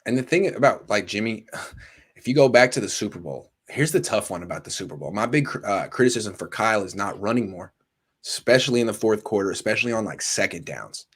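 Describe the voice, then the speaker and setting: A man's voice: fairly low pitch, brisk, breathy edge. A man hosting a casual sports talk show, talking animatedly with frequent restarts. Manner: animated, storytelling, lots of restarts. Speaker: sports podcast host.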